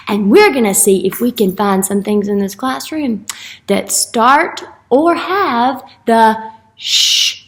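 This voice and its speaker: A woman kindergarten teacher, in an empty classroom, runs a playful phonics lesson for little kids, full of gasps and mock surprise. Her voice sits a little high and sounds reverberant.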